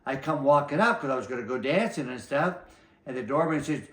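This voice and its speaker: A man's voice: medium pitch, expressive, fairly quick, fairly bright tone. Rambling older man in an echoey room. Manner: rambling, acts out other people's lines. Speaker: martial arts master being interviewed. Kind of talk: casual anecdotal storytelling. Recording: roomy echo.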